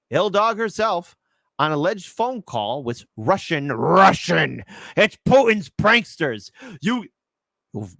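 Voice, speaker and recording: A man's voice: medium pitch, fairly bright tone, dry recording, studio quality. A man hosting a commentary show, talking in a jokey, rambling way with restarts. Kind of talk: casual commentary.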